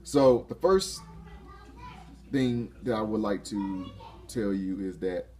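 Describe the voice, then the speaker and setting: A man giving a casual motivational talk to camera, excitable, laughing often and restarting his phrases. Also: fairly low pitch, slow pace. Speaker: motivational vlogger.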